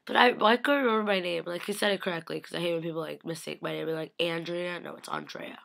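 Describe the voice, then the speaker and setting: A young woman rambles through a fan-event story in a lowish, fry-heavy voice. She gushes and repeats "like" constantly, jumping into little impressions of the people she met. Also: racing, a bit bright. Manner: acts out quotes in shifting voices. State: slightly sick. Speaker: vlogger. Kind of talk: casual recap of a fan convention.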